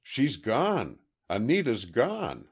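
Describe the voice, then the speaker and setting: A man's voice: mid-range voice, very animated, takes it slowly, voice pushed up, full character voice. A man voicing a frantic young fiancé. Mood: distraught. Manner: pleading, urgent.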